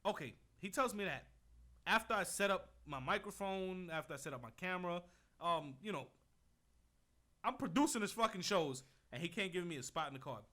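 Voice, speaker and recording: Brief: young male co-host, bright and higher-pitched, swaggering, profane storyteller. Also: lively intonation, a little fast. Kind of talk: casual chat.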